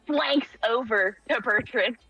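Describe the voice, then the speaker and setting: A woman's voice: fairly high pitch, takes it slowly, bright, forceful tone, husky, no room sound, dull audio. A woman playing a tabletop game, narrating her character and pleading playfully in character. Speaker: player.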